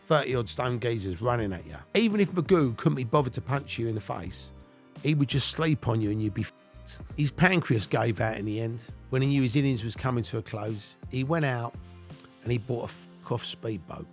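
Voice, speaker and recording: An English man in his fifties telling blunt, swear-filled stories about his own past and breaking into laughter as he goes. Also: mid-range voice. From England. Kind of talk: casual anecdotal storytelling.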